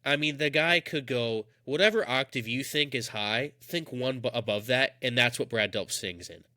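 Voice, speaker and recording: A young man co-hosting a podcast, talking in an enthusiastic, rambling way with plenty of emphasis. His voice is bright and forceful, and it sits close and dry with almost no room sound. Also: mid-range voice, normal speed, no room sound. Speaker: podcast co-host. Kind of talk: casual chat.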